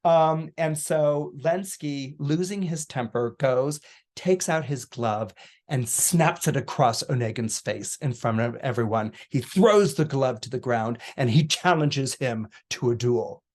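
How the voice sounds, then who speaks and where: A man on a podcast retelling a story in a casual, animated way, full of restarts and fillers. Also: medium pitch, a little slow. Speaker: podcast astrologer guest.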